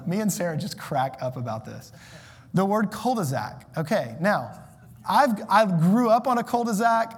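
A man preaching a sermon, conversational and self-deprecating, with animated asides. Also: high-pitched, slightly rough. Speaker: pastor. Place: church sanctuary. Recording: long hall reverb.

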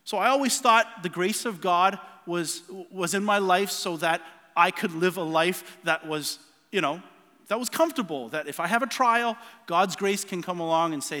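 Earnest high-voiced male preacher in a hall. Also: moderate pace, bright, forceful tone. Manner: earnest, personal storytelling with many restarts. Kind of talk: sermon.

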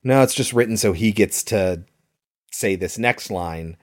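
A man's voice: fairly low pitch, unhurried. A man co-hosting a casual podcast about a film, explaining scenes conversationally. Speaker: podcast co-host.

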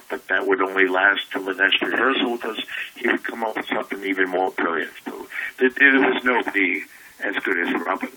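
A man in his seventies, a comedy writer and warm-up comedian, telling anecdotes in a lively way and acting out voices. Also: sits low, a little fast, low-quality recording. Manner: animated storyteller who acts out voices.

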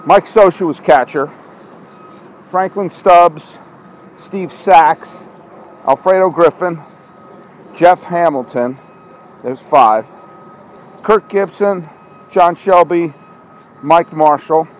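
A man's voice: fairly high pitch, slow pace, pauses often, poor audio. A man hosting a walking monologue podcast from an outdoor parking lot at night, scolding himself in an exasperated ramble. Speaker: podcast host. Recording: outdoor street noise, truck backing up.

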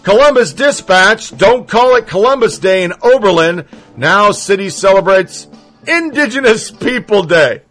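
A man's voice: high voice, expressive, measured pace, a bit bright, faint music behind, poor audio. A man giving profane political commentary, sarcastic and swearing a lot.

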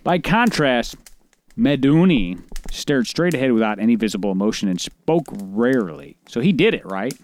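A man's voice: mid-range voice, expressive, normal speed, darkish tone. A man co-hosting a podcast, reading news stories aloud in casual chat, rambling with restarts and the odd swear, recorded outdoors. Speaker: podcast co-host. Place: outdoors by a forest.

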